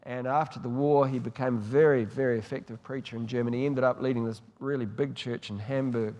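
A man preaching a sermon, telling warm stories and moving between hushed and emphatic delivery. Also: medium pitch, steady tone, fairly quick, dull audio. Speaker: pastor. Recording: long hall reverb.

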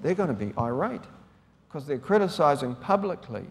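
A male pastor delivers a sermon in a loose, conversational way, circling back and restarting his sentences. His voice sits a little high for a man. It rings out with a long reverb, as if from a large hall. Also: big pitch swings, moderate pace, slight background noise. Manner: conversational and rambling, with frequent restarts.

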